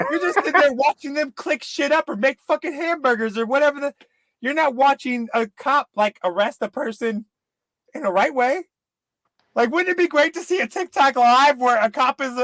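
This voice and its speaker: A man in casual, profane podcast chat, rambling and slipping into quick impressions. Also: very high-pitched, a bit bright, no room sound. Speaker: podcast co-host.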